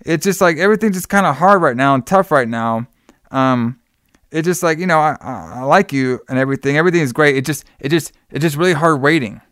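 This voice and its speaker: A jittery young guy, tripping over his words as he pleads his case, as a man puts him on while recapping a film. His voice is smooth and clear. It is recorded close and dry. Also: on the high side, fast talker, fairly bright tone, no echo, lightly acted. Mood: pleading.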